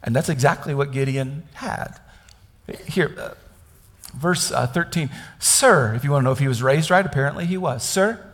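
Conversational preacher from Kansas. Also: male voice, mid-range voice, normal speed, in a large hall. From Kansas, United States. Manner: conversational, animated, asks listeners questions. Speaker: pastor. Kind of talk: sermon.

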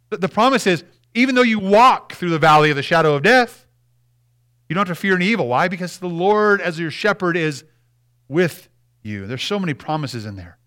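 A man's voice: fairly high pitch, fairly bright tone. A male pastor preaching a sermon in an earnest way, often repeating words and asking the congregation questions.

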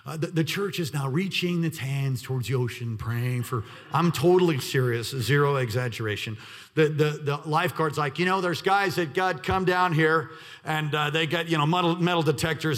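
A middle-aged male pastor preaching through a personal story, acting out the people in it and swinging between loud excitement and hushed quiet. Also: a little high. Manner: animated, acts out quoted voices, swings from loud excitement to hushed near-whisper. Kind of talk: sermon storytelling.

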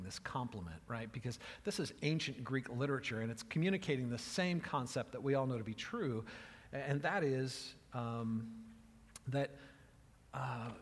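A man's voice: medium pitch, slightly rough, long reverb tail. A man preaching a sermon in a conversational way, often checking in with "right?" and repeating words as he goes. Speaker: pastor.

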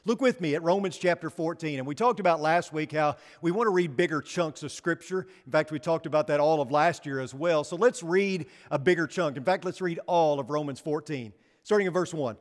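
A man preaches in a sanctuary with a long, ringing reverb. His voice sits fairly high, and he keeps asking his listeners questions, then lets the answers fall quiet and low. His delivery is an unhurried sermon. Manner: rhetorical questions, drops low and soft on key words. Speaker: pastor. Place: church sanctuary. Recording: long reverb of a church hall.

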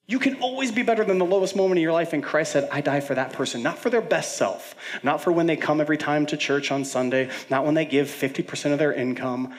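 A male pastor delivers a sermon at a middle pitch, swinging from loud, urgent declarations down to hushed, almost whispered lines. Between points he slips into casual asides with fillers and self-deprecating jokes, then drives the message home again. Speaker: senior pastor.

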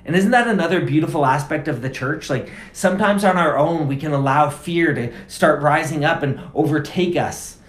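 A man's voice: a little high, normal speed, hardly any pauses. A man preaching a sermon as pastor, conversational and casual, driving points home through repeated phrases. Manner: conversational, emphatic repetition. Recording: roomy echo.

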